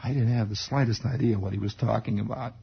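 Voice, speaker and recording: A man telling a childhood story in an animated, digressive radio monologue, chuckling as he goes, on a lo-fi 1960s radio broadcast. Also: fairly low pitch, fast talker, creaky, breathy edge.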